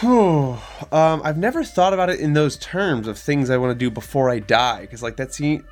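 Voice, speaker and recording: A man's voice: fairly high pitch, moderate pace, faint music behind. A man in his thirties in a casual chat, rambling with many fillers and self-mocking jokes. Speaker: podcast co-host.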